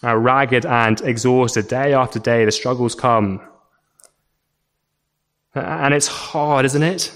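A man's voice: mid-range voice, slow, pauses often, a bit bright. A man preaching a sermon in an earnest way, often repeating and stumbling over words and asking rhetorical questions.

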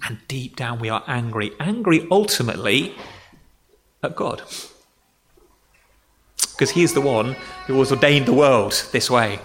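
A man's voice: medium pitch, expressive, measured pace, long pauses, big-room sound, soft background music. A man preaching a sermon to children and adults, conversational and explaining with examples. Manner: conversational, with acted-out grumbling quotes.

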